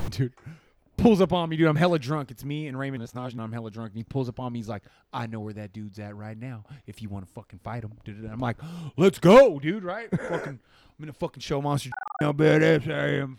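A man's voice: medium pitch, a little fast, darkish tone, no echo. A man on a podcast telling a rambling, profane story in casual slang. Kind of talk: casual chat. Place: podcast studio.

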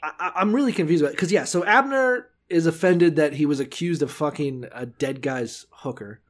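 A man's voice: on the high side, brisk. A man co-hosting a podcast in casual chat, mocking and swearing, laughing often. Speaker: podcast co-host.

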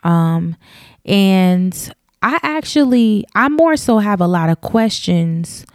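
A woman's voice: mid-range voice, animated, slow, no echo, clean studio sound. A woman with a light Southern US twang talking in a casual opinion monologue to her listeners. She is chatty and candid, with many ums and asides.

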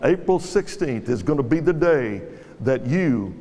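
A man's voice: mid-range voice, expressive, a little slow, darkish tone. A male guest pastor, preaching a sermon and urging the congregation with repeated commands. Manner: exhorting, repeats commands to a crowd. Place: large church hall. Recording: live church hall with reverb and music. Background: music and congregation.

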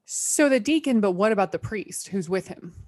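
A woman co-hosting a podcast, chatting casually, asking questions and making quick asides. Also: mid-range voice, expressive, a little mellow, no room sound, studio quality. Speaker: podcast co-host. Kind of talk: casual chat.

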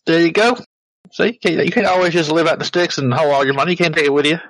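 A man playing a tabletop role-playing game, chatting in character in a jokey, excitable way. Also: fairly high pitch, racing, no echo, poor audio. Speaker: tabletop player. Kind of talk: casual game talk, in character.

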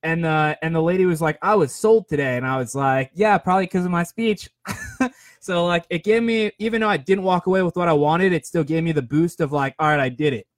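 A man's voice: fairly high pitch, fairly quick, no echo, clean studio sound. A man in his twenties telling a rambling, self-deprecating story in casual chat, with lots of fillers and restarts. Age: 20s. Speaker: podcast host.

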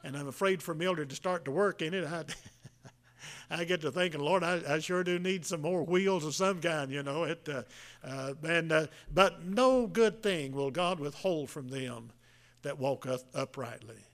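This seventies-aged pastor preaches in a folksy, homespun manner, his male voice a touch on the high side with a fairly bright tone. He halts often, using lots of fillers and starting over as he moves point by point.

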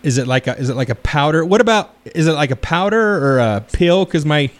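A man's voice: fairly high pitch, lively intonation, fairly quick. A man hosting a podcast, making a prank phone call with feigned earnest worry and a straight face. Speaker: podcast host.

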